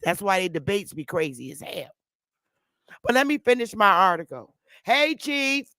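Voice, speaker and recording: A woman hosting a live stream with loud, blunt, brash commentary. Her voice is bright and forceful. The sound is dry and close, with no room around it. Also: medium pitch, sing-song, normal speed, no room sound. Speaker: livestream host.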